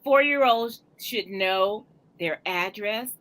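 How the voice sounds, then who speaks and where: A woman co-hosting a casual panel chat, animated and quick to laugh. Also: mid-range voice, rough recording. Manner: animated, laughing, repeats herself. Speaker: co-host.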